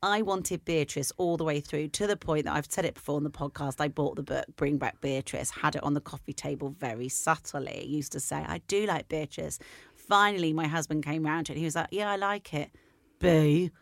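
A woman's voice: low voice, steady tone, fairly quick, hardly any pauses, no echo, studio quality. A woman co-hosting a podcast, chatting casually and laughing as she tells stories. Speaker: podcast co-host.

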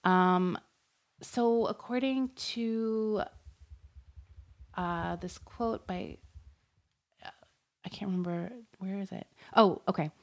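A woman's voice: medium pitch, takes it slowly, vocal fry, pauses often. A woman co-hosting a podcast, retelling a true-crime story in casual, rambling chat and laughing often. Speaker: podcast co-host.

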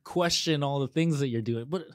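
A man hosting a podcast, chatting in a relaxed, agreeable and reflective way. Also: on the high side, normal speed, no room sound, studio quality. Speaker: podcast host. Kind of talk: casual podcast chat.

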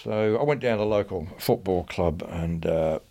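A man's voice: deep voice, moderate pace, warm tone. A man telling a rambling personal anecdote in casual chat, swearing constantly. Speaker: guest storyteller.

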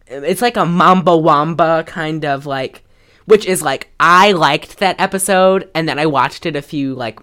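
Low-voiced woman chatting on a podcast. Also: a bit bright. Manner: rambling, lots of fillers and laughter. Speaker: podcast co-host. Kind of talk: casual chat recapping a movie.

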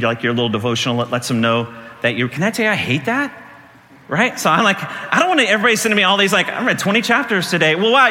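A middle-aged man, a pastor, preaching a sermon with animated storytelling, laughing through his stories and jumping high in pitch when he acts out panic. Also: in a large hall, slight background noise. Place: church.

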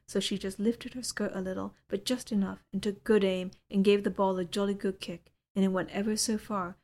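A woman reading a literary novel aloud as an audiobook narrator, in a measured, even storytelling delivery. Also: medium pitch. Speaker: audiobook reader.

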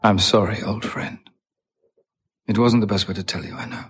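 An actor playing a man softly apologizing to an old friend, heard in a TV clip. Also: fairly low pitch, fairly even intonation, moderate pace, heavy background noise, natural voice. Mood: apologetic. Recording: TV clip with music behind.

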